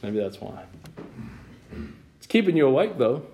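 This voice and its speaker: A man preaching a sermon. He has sinus trouble that makes his voice squeak and creak, and he moves from relaxed folksy storytelling into loud, high emphatic preaching. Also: measured pace, slight background noise.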